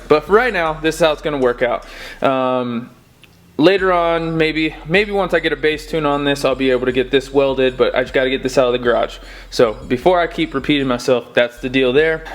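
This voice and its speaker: A young man giving a relaxed, rambling update on his car projects from his home garage, with lots of fillers. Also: on the high side. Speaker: car-build vlogger. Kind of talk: casual garage update vlog. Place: home garage, door open.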